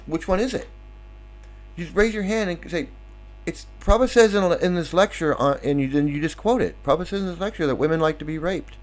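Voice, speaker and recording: A man rants as a commentator in a sarcastic, combative tone. He piles up rhetorical questions and pushes each point hard. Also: on the high side. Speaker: online commentator. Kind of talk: ranting monologue.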